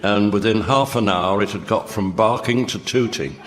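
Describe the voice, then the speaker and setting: A man's voice: on the low side, normal speed, very noisy. A man on a comedy panel, telling jokes in a laconic way. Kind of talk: joke telling. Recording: long hall reverb with loud clicks.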